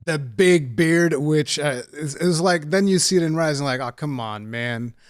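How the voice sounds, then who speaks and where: Joking male host, slightly higher voice. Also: normal speed, dry recording, clean studio sound. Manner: friendly, laughs easily, joking. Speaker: host, content creator. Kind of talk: casual interview.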